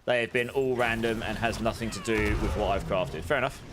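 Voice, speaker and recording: A man streaming a game and chatting with live viewers, talking loudly with audible breaths between sentences into a high-gain desk mic. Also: brisk. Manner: rambling, self-correcting chatter. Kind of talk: casual chat with live viewers. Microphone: desk studio mic with high gain. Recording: clear background noise.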